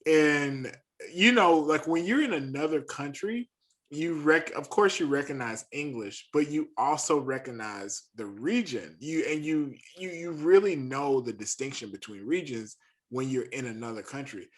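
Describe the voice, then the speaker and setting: A man with a Southern US accent, chatting as a podcast guest and telling lively self-deprecating stories. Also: on the high side, moderate pace. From American South. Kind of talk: casual chat, storytelling.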